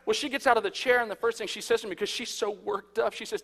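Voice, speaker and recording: Bright-voiced man preaching in a hall. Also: sits high, quick pace, few pauses. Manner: storytelling with lively swings from hushed to loud. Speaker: pastor. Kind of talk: sermon. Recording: echoey hall.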